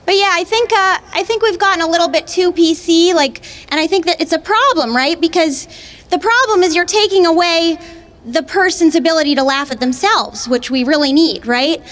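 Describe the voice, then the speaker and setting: Chatty, high-voiced stand-up comedian woman. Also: moderate pace, fairly bright tone. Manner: conversational, checking in with the crowd. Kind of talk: stand-up routine. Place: comedy venue with live audience.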